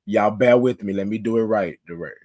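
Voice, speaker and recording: A man in his fifties with a hoarse voice from a cold, hosting a casual morning live stream and greeting viewers by name. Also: lowish voice, brisk, a little mellow, no echo. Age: 50s. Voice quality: rough, scratchy voice. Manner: chatty, greets viewers by name, calls them y'all. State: hoarse, sick with a cough.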